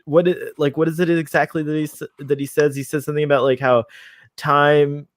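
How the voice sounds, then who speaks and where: A man's voice: fairly high pitch, little pitch movement, a little fast, dry recording. Guy hosting a chill live stream, laughs a lot, fanboy energy, dry close sound. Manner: laughs often, eager fan talk. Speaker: show host. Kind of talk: casual live-stream chat.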